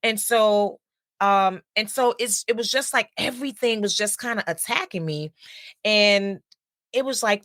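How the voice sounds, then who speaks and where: A woman's voice: medium pitch, a little slow, fairly bright tone, dry recording. A middle-aged woman, a counselor and host, telling a personal story in a chatty, casual way with lots of asides.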